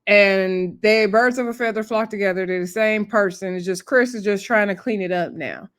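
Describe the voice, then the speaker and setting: A woman's voice: mid-range voice, moderate pace, a bit bright. A woman hosting a casual, chatty recap of a reality TV episode, talking in a laid-back way with laughing asides and lots of fillers.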